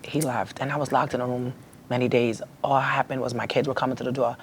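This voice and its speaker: A woman's voice: rumbling low, fairly even intonation, fast talker, a little hiss or hum. A woman guest on a podcast, telling a heartfelt personal story with emotion, her voice rising when she is upset.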